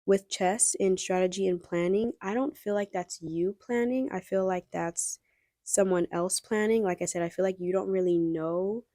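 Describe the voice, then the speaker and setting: A woman's voice: mid-range voice, fairly even intonation, moderate pace, warm tone, no echo, clean studio sound. A young woman giving a casual pick-a-card tarot reading, chatty and rambling as she talks straight to her viewers. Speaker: tarot reader.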